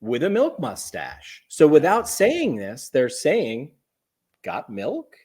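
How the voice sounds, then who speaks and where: A man who is a podcast guest, chatting casually and lively, telling stories and asking rhetorical questions. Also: a little high, slow, breathy edge.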